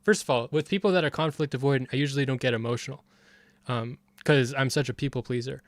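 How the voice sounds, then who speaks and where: A man talking through a debate clip in casual commentary. He gets heated and rambles, restarting his sentences. The sound is close and dry, at an ordinary pitch for a man. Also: steady tone, fast, no room sound. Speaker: streamer reviewing a debate.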